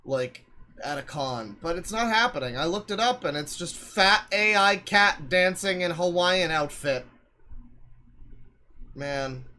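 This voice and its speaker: A man's voice: high-pitched, expressive, unhurried, pushed and bright. A man streaming live, reacting to videos with wry, crude, rambling asides.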